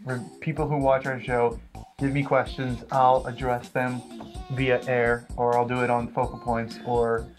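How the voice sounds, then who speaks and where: Brief: young guy co-host, playful banter, mid-pitched voice. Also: flat delivery, unhurried, over music. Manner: joking, bantering. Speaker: co-host of a review show.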